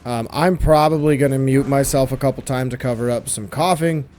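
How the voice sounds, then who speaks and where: A hoarse man who has lost his voice, chatting casually through a game walkthrough and teasing the enemies on screen. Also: medium pitch, brisk, darkish tone, a little hiss or hum. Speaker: gameplay walkthrough host.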